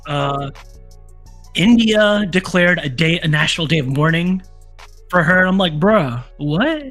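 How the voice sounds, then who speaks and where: High-voiced Southern man, profane banter. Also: measured pace, faint music behind. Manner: profane, animated, laughing often. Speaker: podcast co-host. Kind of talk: casual chat.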